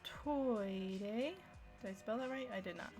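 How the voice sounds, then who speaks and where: A woman's voice: medium pitch, a little slow, a little mellow, faint music behind. A young woman giving a casual live-streamed language lesson, chatty and self-deprecating, often laughing at herself. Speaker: language teacher.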